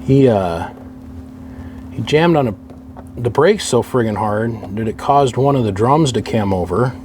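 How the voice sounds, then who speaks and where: A man's voice: medium pitch, lively intonation, measured pace, a little mellow, a little hiss or hum. A middle-aged man talking casually to himself while he works on equipment, wry and grumbling as the job fights him. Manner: wry, grumbling, talks to himself over a stubborn task. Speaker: radio hobbyist working on an amplifier. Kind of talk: casual rambling monologue while working.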